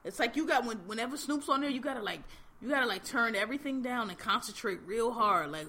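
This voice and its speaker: Woman, podcast host, bright voice, blunt slangy chat, lots of fillers. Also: fairly high pitch, lively intonation, fast. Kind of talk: casual chat recapping reality TV.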